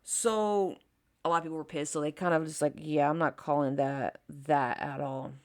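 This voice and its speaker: This is a woman in her thirties with a voice that sits a touch low, chatting her way through a storytime while she does her makeup. She is candid and loose, swears often, and slips into little voices for the people she quotes. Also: steady tone, normal speed, darkish tone, slight background noise. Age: 30s. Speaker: beauty vlogger. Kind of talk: casual storytime chat while doing makeup.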